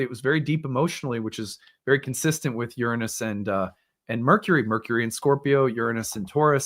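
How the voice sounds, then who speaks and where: A man's voice: medium pitch, a bit bright. A man in his thirties hosting an astrology show, telling a personal story in a candid, self-deprecating way and laughing often. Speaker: astrology host.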